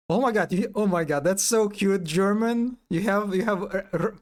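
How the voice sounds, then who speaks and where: A man's voice: fairly high pitch, lively intonation, a little slow, long pauses. A man streaming live in casual commentary, amused, often restarting his sentences and imitating animal sounds.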